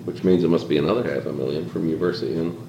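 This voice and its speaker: A man's voice: low-pitched, steady tone, fast talker, highs cut off. A man leading an informal talk to a small group, reflective and rambling, stacking up repeated calls to "consider" as he goes. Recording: echoey room with faint hiss.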